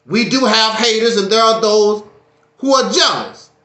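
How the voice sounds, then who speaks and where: A man's voice: high-pitched, unhurried, bright, forceful tone. A man giving a casual livestream monologue, preachy and joking with a dramatic streak. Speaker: YouTube streamer. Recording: echoey room.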